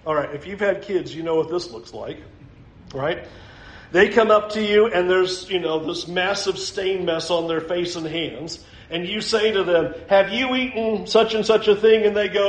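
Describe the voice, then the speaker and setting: A male pastor delivers a sermon with animated, storytelling energy and slips into the voices he quotes. His voice sits high for a man. The room around him has a noticeable echo. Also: unhurried.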